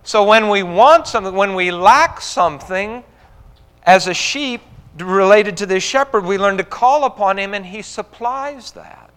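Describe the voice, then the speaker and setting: A man's voice: high voice, a little slow, fairly bright tone, clean tone. Preaching man in a reverberant hall. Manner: earnest preaching, rising emphasis on quoted scripture. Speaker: pastor. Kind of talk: sermon.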